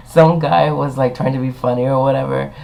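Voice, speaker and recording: A man's voice: mid-range voice, steady tone, unhurried, vocal fry, darkish tone, low-quality recording. A young man talking casually to a webcam, rambling and swearing as he tells stories. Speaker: vlogger. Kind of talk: casual chat.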